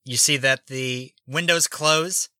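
A man's voice: medium pitch, slow, bright, forceful tone, smooth, no room sound. A man narrating a tabletop game as game master, laid-back and often laughing as he describes scenes.

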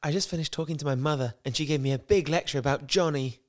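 A man's voice: fairly high pitch, fast, lightly acted. A man voicing an overwrought young woman on the phone, in a posh English accent drifting into American, reading stiffly and melodramatically. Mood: dramatic. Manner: melodramatic, stilted script reading.

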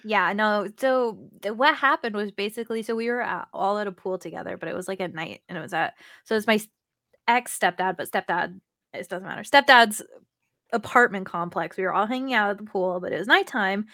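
A woman's voice: mid-range voice, fairly quick, a bit bright, dry recording. Woman hosting a podcast, chatty and giggly, lots of likes and ums, dry close sound. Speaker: podcast host. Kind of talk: casual podcast chat.

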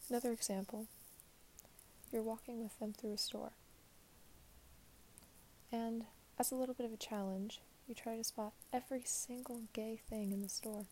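Young woman, mellow tone, reflective monologue slipping into whispers. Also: fairly high pitch, fairly even intonation, normal speed, long pauses, slight background noise. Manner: soft, drifting in and out of whisper.

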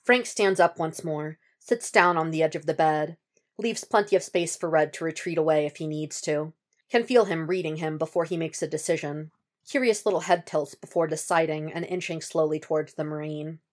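A woman narrates a fan-fiction story in a steady, measured way. Her voice sits low for a woman, calm and even through the descriptive passages. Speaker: podfic reader. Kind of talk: audiobook reading of fan fiction.

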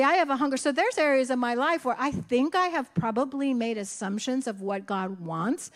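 High-voiced grandmother telling a sermon story. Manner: animated, acts out conversations in voices. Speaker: church speaker.

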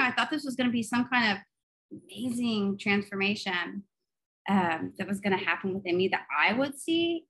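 Female podcast co-host, animated storyteller, earnest in prayer. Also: medium pitch, brisk, low-quality recording. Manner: animated storytelling, laughs often, turns soft and earnest in prayer. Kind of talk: faith podcast chat and prayer.

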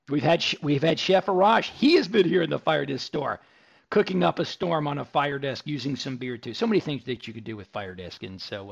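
A man's voice: a little high, creaky, highs cut off. A man hosting a live tech radio show on location from a store, chatting enthusiastically with tangents and restarts. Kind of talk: live radio talk broadcast.

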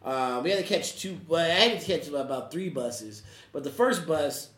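A man's voice: fairly high pitch, expressive, moderate pace, fairly bright tone, roomy sound. A man telling a casual, funny personal story, often laughing as he talks. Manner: laughs through his telling, loose casual speech. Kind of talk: casual anecdote.

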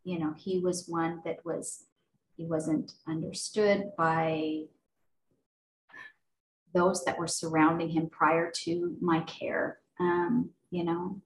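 Woman, from Arizona, lowish voice, earnest, casual with fillers, roomy echo. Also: creaky, slight background noise. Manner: warm, earnest, with frequent fillers and restarts. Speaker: podcast guest, nonprofit founder. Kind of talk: casual interview chat.

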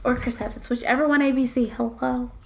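A young woman with a high voice co-hosting a casual gossip podcast. She tells stories animatedly and swears freely. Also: fairly even intonation, fairly quick, creaky, a little hiss or hum. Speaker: podcast co-host.

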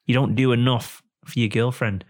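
A man's voice: mid-range voice, fairly even intonation, moderate pace. A man hosting a podcast, reading a sponsor spot in a rambling, jokey way. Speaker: podcast host. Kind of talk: casual podcast chat and ad read. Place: indoor room, face to face with guest.

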